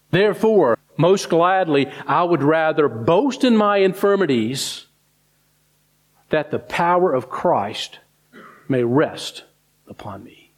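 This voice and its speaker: Guy preaching, kinda high voice, goes up fast when he's mocking whiners then slows way down low on the bible bits. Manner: rises high and quick in mock complaints, drops low and slow on scripture. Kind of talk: sermon.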